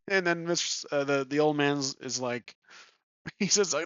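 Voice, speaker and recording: A man's voice: on the high side, measured pace, fairly bright tone, clear, resonant tone, no echo, lo-fi sound. A man thinking aloud as he plays a solo tabletop game, chuckling and correcting himself as he goes. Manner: rambling, chuckling, self-correcting. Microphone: desk microphone.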